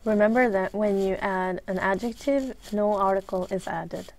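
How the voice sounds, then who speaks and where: Speaking at mid pitch in a slightly mellow voice, a Swedish-accented woman teaches English grammar in a recorded lesson. She is measured as she works through long lists of examples one by one. Explaining each rule, she fills pauses frequently with "uh."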